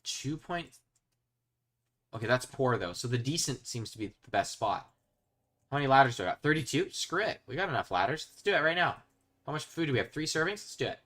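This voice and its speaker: Excitable young man doing game commentary. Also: medium pitch, a little fast. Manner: excitable, shouts when thrilled, then mutters quietly. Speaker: gaming video host. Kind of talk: casual let's-play commentary.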